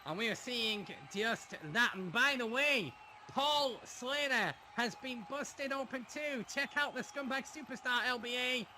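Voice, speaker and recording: A man calling a wrestling match play by play, dramatic and quick to laugh. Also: very high voice, bright, forceful tone, a little hiss or hum. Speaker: play-by-play commentator.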